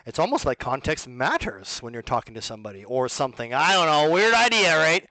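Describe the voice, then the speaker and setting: Casting: a man doing a booming, high-pitched TV ad salesman, dry close sound. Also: very animated, brisk, bright, forceful tone, dry recording, full character voice. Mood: salesy. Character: slick male TV ad salesman.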